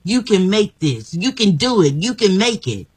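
A woman's voice: medium pitch, very animated, moderate pace, a little mellow, slightly rough. A woman guest giving an emphatic, encouraging personal testimony, often repeating her phrases. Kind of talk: motivational testimony.

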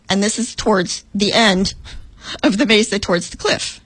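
Husky-voiced woman telling a dream. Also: normal speed, no echo, low-quality recording. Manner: animated, acts out her own lines in a higher voice. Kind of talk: emotional storytelling.

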